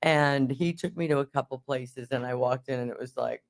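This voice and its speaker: A middle-aged man co-hosting a talk radio show, chiming in with quick, joking remarks in casual banter. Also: medium pitch, creaky. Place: radio studio.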